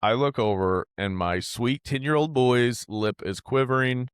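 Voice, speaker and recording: A man's voice: mid-range voice, measured pace, clean tone, dry recording, clean studio sound. A man in his thirties hosting a podcast, telling a personal story in a candid, rambling, heartfelt way with casual swearing. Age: 30s. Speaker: podcast host.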